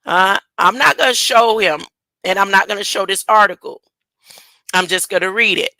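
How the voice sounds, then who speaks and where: A woman's voice: mid-range voice, bright, forceful tone, no room sound, rough recording. A woman rambling through casual commentary and reading a news story aloud, tripping over words and laughing at herself. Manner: slow, drawn-out delivery. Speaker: online commentator.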